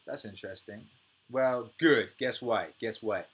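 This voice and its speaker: British male streamer in his thirties, casual, profane, animated ranting. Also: fairly low pitch, measured pace, slightly rough. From United Kingdom. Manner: swears freely, animated rants, laughs often. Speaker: music producer and livestream host. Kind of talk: casual livestream chat reading viewer comments.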